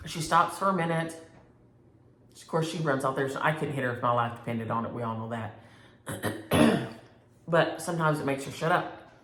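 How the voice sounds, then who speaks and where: A middle-aged woman, chatting casually as a cross-stitch vlogger, animated and playfully exaggerating as she answers viewers from home. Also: rumbling low, normal speed, long pauses, echoey room. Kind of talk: casual chat reading viewer comments.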